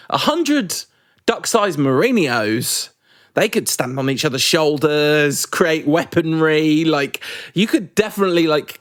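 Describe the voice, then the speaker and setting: Male podcast co-host, rambling and self-mocking, bright-ish voice, dry booth sound. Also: a little high, no room sound. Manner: rambling, self-deprecating, quick to laugh. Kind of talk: casual podcast chat.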